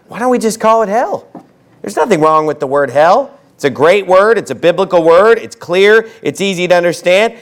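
A pastor delivers a fiery, animated sermon, swinging between low asides and shouted outbursts. He slows down to stress his quotes from scripture.

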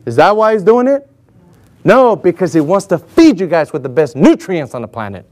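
High-pitched guy preaching, punchy and emphatic, lots of questions to the crowd. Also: normal speed. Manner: rhetorical questions and call-and-response; energetic, emphatic delivery. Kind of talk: sermon.

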